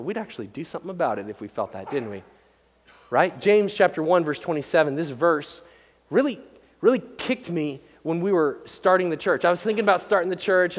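A man preaching a sermon as the pastor, conversational and joking, with frequent restarts and stammers. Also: high-pitched. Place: church sanctuary. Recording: long hall reverb.

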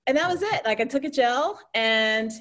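Animated storytelling woman. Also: high-pitched, moderate pace. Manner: animated, laughs often, acts out quoted voices. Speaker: guest. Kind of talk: casual interview storytelling.

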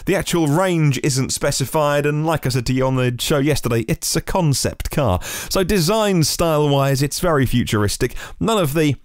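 A man hosts a daily news podcast, moving through stories with a lively, wide-ranging pitch. He adds chatty asides as he reads. The sound is dry and close, with no room echo. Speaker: podcast host.

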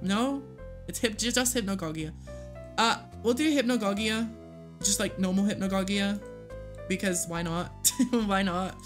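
A young woman livestreaming a video game, excitable, gasping and swearing as she plays. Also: mid-range voice, unhurried, soft background music. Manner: excitable, swears and gasps, lively. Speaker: streamer. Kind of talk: live game stream commentary.

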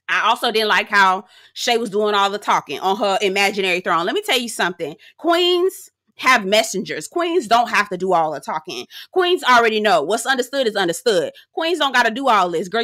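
A woman's voice: mid-range voice, bright, forceful tone, no echo, clean studio sound. A young adult woman giving a sassy, blunt, profane recap of a reality show, talking straight to her viewers. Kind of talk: casual recap commentary.

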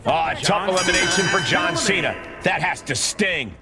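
A man's voice: high voice, animated, moderate pace, over loud music. A man doing play-by-play wrestling commentary for a video game, exclaiming at big moves.

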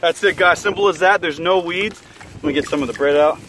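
A man hosting a casual outdoor fishing vlog by a pond, excitable and laughing a lot. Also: fairly high pitch, brisk, slight background noise, low-quality recording. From South Florida. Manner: excitable, laughs and yelps often. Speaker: fishing vlogger host.

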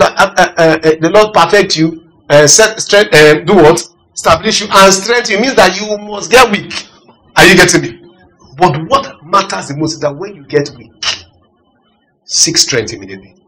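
A man preaching a sermon, asking the congregation "are you getting me" and swinging between loud emphasis and quiet asides. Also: high voice, low-quality recording. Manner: animated preaching with call-and-response questions. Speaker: pastor.

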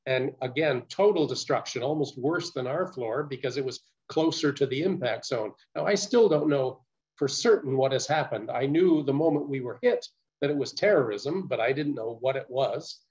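An older man recounting his story as a guest speaker, earnest and measured, with small stammers. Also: mid-range voice, lively intonation, a little mellow. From Canada. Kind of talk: personal storytelling talk. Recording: muffled lo-fi recording.

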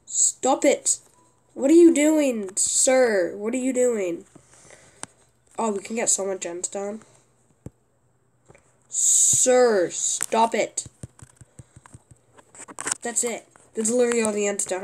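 A young woman commenting on her own gameplay, often exasperated and yelling at a teammate. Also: mid-range voice, slow, pauses often, a little hiss or hum. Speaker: gaming youtuber.

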